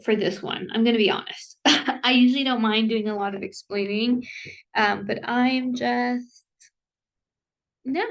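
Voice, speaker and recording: A woman talking casually to camera in a rambling, self-interrupting way, filling her speech with "like" and quick apologies, with laughs between thoughts. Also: a little high, steady tone, gravelly. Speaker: vlogger. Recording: voice somewhat distant from the mic.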